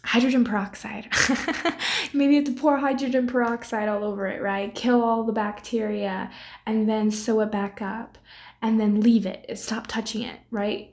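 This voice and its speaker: A woman's voice: on the high side, darkish tone. A young woman giving a casual tarot reading to camera, talking freely with many fillers and tag questions. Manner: chatty, many fillers, ends points with 'right?'. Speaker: tarot reader.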